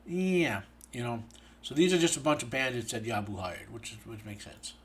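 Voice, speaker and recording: A man's voice: mid-range voice, moderate pace. A tired man hosting a show, giving a casual spoken episode review that rambles with many fillers and restarts. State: tired, yawning.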